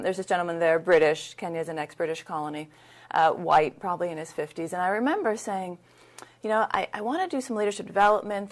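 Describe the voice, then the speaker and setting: A middle-aged woman as an interview guest, talking in a candid, anecdotal, conversational way. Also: on the low side. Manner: candid, anecdotal, lively retelling. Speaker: interview guest, leadership consultant. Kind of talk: conversational storytelling.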